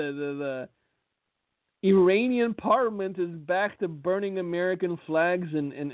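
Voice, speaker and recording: A man's voice: high voice, no room sound. A man hosting a radio commentary, blunt and sarcastic, who often repeats words as he starts a thought. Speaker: radio host and preacher. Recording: tinny phone-like line.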